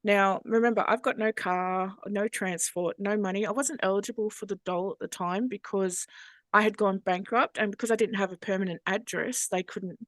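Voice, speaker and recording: An Australian woman, a hypnosis trainer, telling her personal story as a podcast guest in a frank, earthy, animated way. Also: mid-range voice, moderate pace, no room sound.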